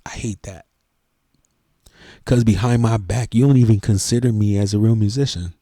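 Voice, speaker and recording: A middle-aged church organist talking earnestly and emotionally to the camera, in a heartfelt, preachy way. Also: male voice, fairly low pitch, steady tone, brisk, dark tone, no echo, studio quality. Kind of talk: heartfelt casual talk to camera.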